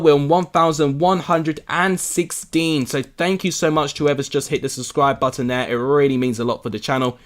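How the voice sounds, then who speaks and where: A young man from England with a highish, slightly bright voice hosts a football watchalong livestream. His tone is casual as he chats and handles viewer comments.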